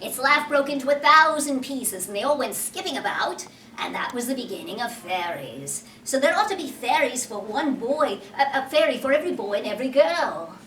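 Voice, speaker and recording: A woman's voice: high voice, sing-song, normal speed, fairly bright tone, a little hiss or hum. A woman voicing a cocky, boastful boy who never grows up, in a roomy hall from a distance. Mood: earnest.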